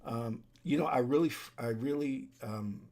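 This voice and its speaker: His voice is medium-pitched and gravelly, a little mellow, at normal speed. He's an online commentator giving an urgent, preachy warning monologue alone to his desk webcam, restarting sentences and hammering the same points repeatedly.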